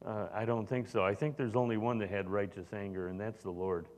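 A man's voice: on the low side, steady tone, a little fast, a little mellow. A man preaching a sermon as pastor, talking in a conversational way with frequent fillers and restarts. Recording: long reverb of a large hall.

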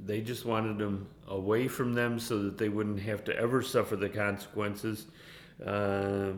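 A man teaching a Bible passage casually, halting often and chuckling between points. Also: fairly low pitch, echoey room. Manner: halting, with many fillers and chuckles.

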